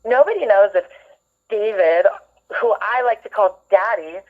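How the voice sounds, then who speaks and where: A woman's voice: mid-range voice, expressive, a little slow, background noise. A woman calling in to a live stream, teasing and combative in a catty way. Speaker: caller. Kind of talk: phone-in banter. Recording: tinny phone line.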